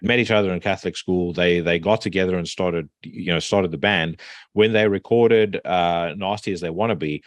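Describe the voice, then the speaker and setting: A man hosting a podcast, telling stories casually in an animated way, with swearing and frequent restarts. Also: sits low, normal speed, no echo, clean studio sound. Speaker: podcast host.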